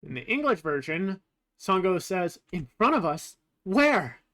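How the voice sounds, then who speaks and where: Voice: mid-range voice, big pitch swings, unhurried, fairly bright tone. A streamer casually commenting over gameplay while comparing translations, thinking aloud with fillers and the odd swear word.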